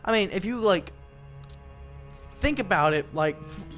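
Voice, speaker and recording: A man's voice: sits high, expressive, measured pace, a bit bright. Young American man rambling over game music. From United States. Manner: profane, rambling, jumps between topics with laughs and asides. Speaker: gaming commentator. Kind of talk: rambling gameplay commentary. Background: music and gunfire from a game.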